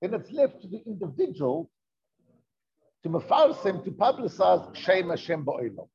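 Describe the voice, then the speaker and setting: A man's voice: high voice, sing-song, a little fast, gravelly, a little mellow. A man teaching a Torah lesson, explaining in a conversational way, asking rhetorical questions and mixing in Hebrew terms. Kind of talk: classroom lesson with text reading. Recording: dull lo-fi recording.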